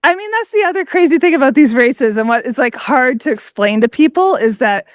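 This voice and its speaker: A woman's voice: high voice, lively intonation, a little fast, smooth, dry recording. A woman in her thirties from Canada doing live race commentary, enthusiastic and chatty, often laughing. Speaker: livestream commentator. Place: outdoor aid station.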